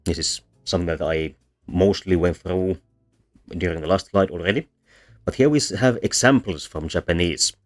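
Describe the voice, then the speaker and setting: Deep-voiced man lecturing over soft music. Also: moderate pace. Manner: explanatory, frequent ums and self-corrections. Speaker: linguistics presenter. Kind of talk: slide lecture. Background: soft bossa music.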